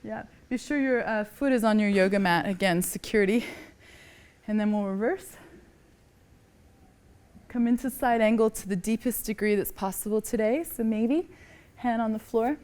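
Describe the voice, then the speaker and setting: Soft-spoken woman leading a yoga class. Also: fairly high pitch, moderate pace. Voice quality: calm, encouraging cueing, often soft. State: slightly out of breath. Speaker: yoga teacher. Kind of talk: guided yoga class instruction.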